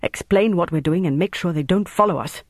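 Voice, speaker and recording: A man's voice: high-pitched, fairly quick, dry recording, studio quality. A man voicing a commanding German intelligence major who barks orders. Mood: terse, controlled.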